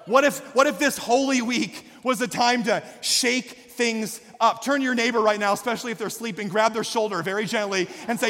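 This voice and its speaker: A man with a very high voice preaching from a church stage, his words ringing out in a long reverb. He builds with fervor, often shouting and calling on the congregation to answer back. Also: a little fast, few pauses, a faint crowd. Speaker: pastor. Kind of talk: sermon. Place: church sanctuary.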